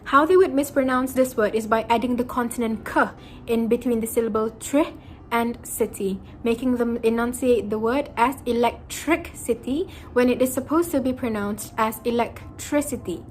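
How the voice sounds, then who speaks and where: A woman's voice: a little high, steady tone, normal speed, rough recording. A young woman reading a prepared pronunciation lesson aloud and stretching out the example words. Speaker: student presenter.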